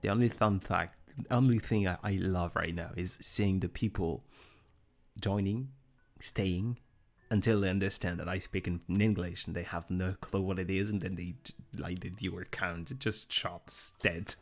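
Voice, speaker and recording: A man's voice: low-pitched, fairly even intonation, moderate pace. A young man with a French accent, chatting casually on a live stream, rambling and self-deprecating as he answers viewer comments. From Germany. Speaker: livestream host.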